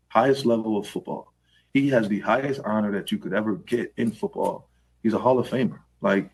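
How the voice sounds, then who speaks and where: Husky low-voiced man, earnest. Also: rough recording. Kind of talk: casual talk.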